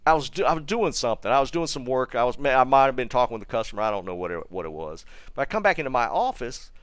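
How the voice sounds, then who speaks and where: American streamer, mid-pitched, dry-miked, chatty and rambling with frequent restarts. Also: male voice, sing-song, fast talker, dry recording. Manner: rambling, full of restarts and asides to chat. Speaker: gaming streamer. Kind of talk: casual storytelling while streaming.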